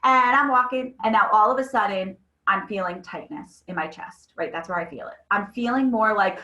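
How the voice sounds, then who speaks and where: A woman's voice: medium pitch, normal speed, few pauses, roomy sound, dull audio. A woman in her thirties presenting a webinar on mental health, talking conversationally and telling stories with frequent asides to her audience. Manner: conversational, animated storytelling with frequent "right?".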